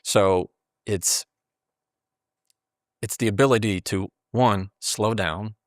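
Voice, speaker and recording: A man's voice: lowish voice, steady tone, slow pace, dry recording, studio quality. A man in casual conversation who explains communication habits and acts out quoted dialogue as he goes.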